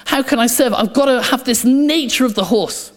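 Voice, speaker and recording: A man preaching a passionate sermon in church, repeating key phrases and dropping to quiet intensity. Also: very high-pitched, moderate pace. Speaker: pastor. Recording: echoey church hall, soft guitar behind.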